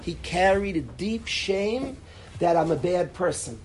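A man's voice: high-pitched, lively intonation, measured pace. A rabbi teaches a live class in a somewhat raised voice, pressing his points with emphatic repetition and frequent restarts. He speaks straight to his students. A faint hiss sits under the recording. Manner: emphatic, repeats words and restarts, addresses students directly. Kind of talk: informal Torah lecture to a live class.

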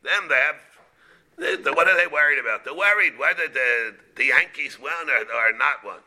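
This rabbi's slightly high, sharp voice carries a halting Talmud lesson in English sprinkled with Hebrew and Aramaic terms. He frequently repeats words as he explains.

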